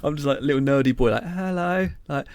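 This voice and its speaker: A man's voice: mid-range voice, steady tone, racing, a little mellow, dry recording. A young man co-hosting a podcast, telling stories in a rambling, casual way full of fillers and swearing. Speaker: podcast co-host. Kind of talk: casual chat.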